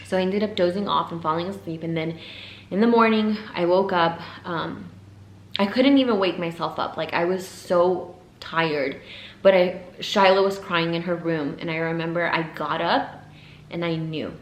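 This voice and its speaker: Young woman vlogger, lower voice, emotional storytelling with whispered breaks; roomy sound. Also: moderate pace. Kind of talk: personal storytelling to camera. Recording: echoey room, faint ambience.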